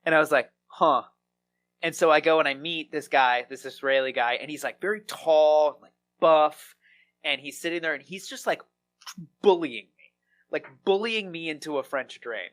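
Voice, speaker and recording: A man being interviewed on a podcast, telling comic stories in an animated, rambling way and laughing often. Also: a little high, moderate pace. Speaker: podcast guest, comedy writer. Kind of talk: casual conversation, comic storytelling.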